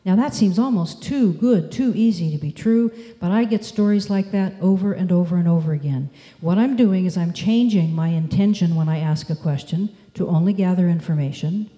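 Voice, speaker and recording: A woman gives a measured, story-driven talk from a stage. Her voice is dark and mellow, and it carries through a reverberant hall. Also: on the low side. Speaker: speaker. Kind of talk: conference talk. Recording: echoey hall.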